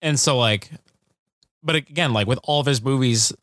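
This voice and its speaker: A man co-hosting a podcast in relaxed, rambling casual chat. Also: mid-range voice, normal speed, dry recording, studio quality. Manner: laid-back, rambling, lots of fillers. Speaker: podcast co-host.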